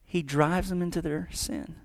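A man preaching a casual, joking sermon, acting out quick voices as he talks. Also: a little high, fairly even intonation, creaky. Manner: conversational, joking, acts out voices. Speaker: pastor.

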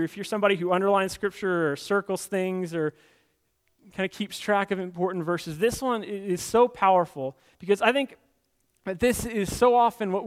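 A man preaching a sermon as pastor in a conversational way, often repeating words as he builds his points. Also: high voice.

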